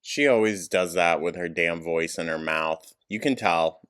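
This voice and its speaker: A man's voice: low voice, measured pace, a bit bright, clear, resonant tone. A man giving sarcastic reaction commentary over a clip, blunt and mocking, with laughing asides.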